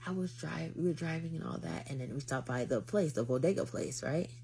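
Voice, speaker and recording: A young woman with a notably low voice tells a date story straight to her viewers, playing up every quote with drama. A faint hiss sits under her voice. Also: brisk, creaky. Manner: dramatic, acts out quotes, lively retelling. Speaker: vlogger telling a dating story. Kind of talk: animated storytelling to camera.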